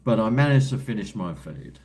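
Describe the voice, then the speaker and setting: A man's voice: on the low side, very animated, a little fast, darkish tone, slight background noise. A man with an Australian accent hosting a casual livestream, rambling in a laid-back way, reading out viewer messages, with crude slang and chuckles. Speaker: livestream host. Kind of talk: casual livestream chat while drinking.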